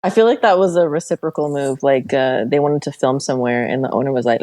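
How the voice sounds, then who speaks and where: A woman from Miami with a Miami accent, a podcast guest trading dry, quick quips in casual comedic chat. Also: very deep voice, dark tone. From Miami, Florida.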